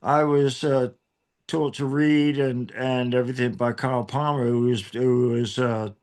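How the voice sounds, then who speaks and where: A man's voice: mid-range voice, flat delivery, measured pace, a little mellow. Joking, rambling male drummer. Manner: rambling, joking, many fillers and restarts. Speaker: drummer, band member. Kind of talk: casual interview chat.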